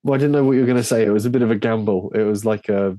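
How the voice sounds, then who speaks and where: A man co-hosting a casual podcast chat, joking through quick banter. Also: lowish voice, dark tone, no echo. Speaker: podcast co-host.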